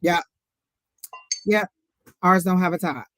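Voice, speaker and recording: A woman with a lowish voice speaks slowly, with no room sound, while co-hosting a live tarot stream. It's casual, chatty storytelling, and she addresses viewers directly.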